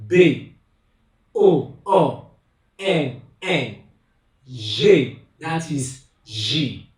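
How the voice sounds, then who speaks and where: A man giving a spoken language lesson, slow and emphatic, with fillers and rhetorical questions. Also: mid-range voice. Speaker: language teacher and company head. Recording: very echoey room, far from the mic.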